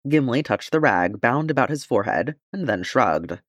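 A man narrating a fantasy fan fiction chapter as an audiobook, in an expressive, steady storytelling way. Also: mid-range voice, normal speed, hardly any pauses, no echo, studio quality.

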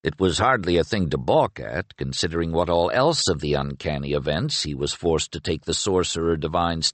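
A man narrates an audiobook in a very low voice. His reading is expressive and moves widely in pitch. The recording is close and dry. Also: no room sound. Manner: expressive storytelling. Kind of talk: scripted narration.

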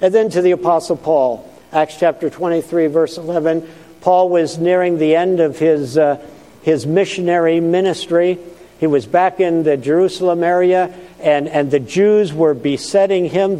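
A male pastor tells scripture stories in an earnest sermon. His voice sits fairly high with a mellow, warm tone. It rings out with a long reverb, like a large hall. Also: moderate pace. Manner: earnest storytelling preaching.

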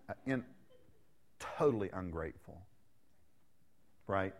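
A man's voice: sits low, moderate pace, long pauses. Man preaching with a joking, questioning manner. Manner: conversational, joking, rhetorical questions to the congregation. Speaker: guest preacher. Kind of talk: sermon.

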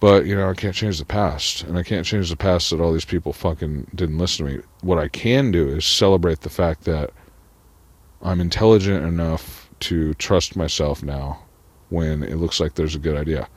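A man's voice: low-pitched, normal speed, breathy edge, dry recording. A man talking to camera in a rambling personal monologue, profane and full of "like". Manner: profane, rambling, heavy use of "like". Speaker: vlogger.

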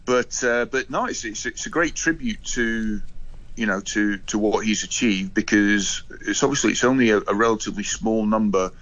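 A man's voice: on the low side, moderate pace, fairly bright tone. Man, casual radio chat, lots of ums and restarts, slightly dull sound. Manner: hesitant, many fillers and restarts. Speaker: rugby union spokesman.

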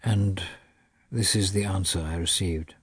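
A man reading the lines of a patronizing, learned elder brother in a measured, lecturing way. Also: low-pitched, fairly even intonation, slightly rough, no room sound, studio quality.

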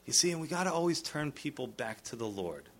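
A man's voice: medium pitch, a little fast, vocal fry. A male pastor preaching a verse-by-verse sermon in a conversational way, raising his voice to act out quoted speakers. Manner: animated, acts out quoted lines in a raised voice; conversational asides, fillers. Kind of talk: expository sermon.

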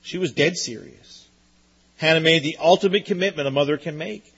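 A man's voice: fairly high pitch, brisk, fairly bright tone, husky, highs cut off. A man preaching a sermon in an earnest, emphatic way, often repeating his points. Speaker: pastor.

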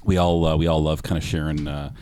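A man hosting a live-streamed living room music show, chatting in a relaxed way with filler words and restarts. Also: extremely low pitch, fast, smooth, no room sound. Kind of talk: casual live-stream chat.

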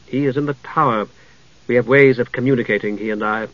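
A man's voice: mid-range voice, fast talker, no echo, lightly acted. A man voicing a stern, cold female sorceress who gives clipped commands, on a dull lo-fi recording.

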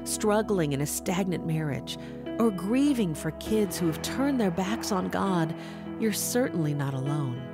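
Woman announcer over loud music. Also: fairly low pitch. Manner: polished, expressive announcer delivery. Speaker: radio announcer. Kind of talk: scripted promo read.

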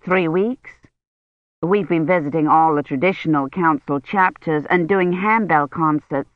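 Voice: mid-range voice, a little slow, no room sound, lightly acted. An audiobook reader voicing a defensive American woman bell ringer on tour, in a dull, dry recording. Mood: earnest.

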